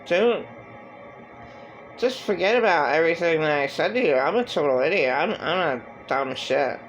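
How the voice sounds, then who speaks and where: A man's voice: on the high side, lively intonation, moderate pace, fairly bright tone, highs cut off, faint music behind. A man voicing a volatile, self-loathing man who blurts out insults about himself.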